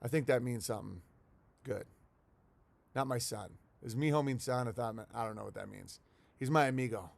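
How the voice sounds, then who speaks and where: A man's voice: mid-range voice, normal speed, gravelly, long pauses, no echo. A man hosting a casual livestream from home, rambling and swearing as he talks to his chat and reads viewer letters aloud. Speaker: livestream host. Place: at home in the countryside.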